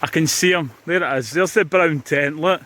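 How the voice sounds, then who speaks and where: A man's voice: a little high, normal speed, bright, forceful tone. Scottish guy vlogging from a beach camp, chatty, talks to the guys watching. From Scotland. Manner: chatty, addresses viewers as guys. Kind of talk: casual outdoor vlog chat. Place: outdoors on a beach.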